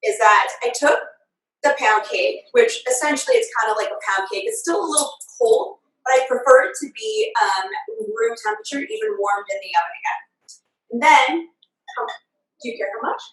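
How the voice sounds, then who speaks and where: A high-voiced woman chef walks through a recipe with a bouncy, sing-song delivery, chatty and quick to laugh. She sounds distant from the mic in an echoey room. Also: sing-song, a bit bright. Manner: chatty, laughing, explains measurements step by step. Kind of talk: live cooking demonstration. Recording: roomy echo, far from the mic.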